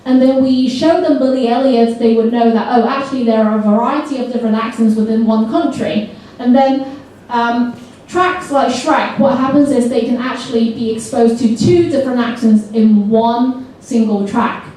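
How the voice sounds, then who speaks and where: Captured from afar in a very echoey hall with a bit of background noise, a woman presents a seminar to teachers at a moderate pace. Her voice sits slightly high, and she lively coaxes the audience to say words back aloud.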